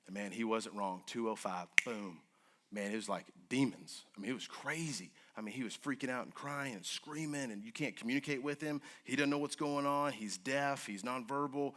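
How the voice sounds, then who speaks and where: A man earnestly telling an emotional personal story to an audience, his voice moving between hushed and urgent. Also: medium pitch, moderate pace. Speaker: guest speaker.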